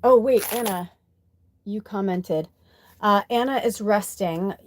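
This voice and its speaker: A woman hosting a spiritual live stream from home, speaking into a webcam mic. She talks in a loose, animated way, swearing freely and leaning on fillers. Her pitch sits in a middle range. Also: slow, slight background noise. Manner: animated and profane, many fillers, quotes voices in mock tones. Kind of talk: casual live stream chat with tarot reading.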